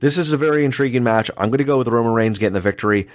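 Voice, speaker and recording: A man's voice: medium pitch, very fast. A man hosting a wrestling podcast, running through match predictions in an announcer-like way. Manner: announcer-like, addressing listeners as folks. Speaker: podcast host.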